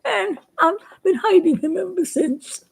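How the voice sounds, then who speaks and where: A sleepless, fretful cartoon astronaut, played by a woman, pleads and fusses in a flustered voice. The voice is high-pitched and keeps cracking into nervous giggles. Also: a little slow, gravelly, full character voice, poor audio. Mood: pleading.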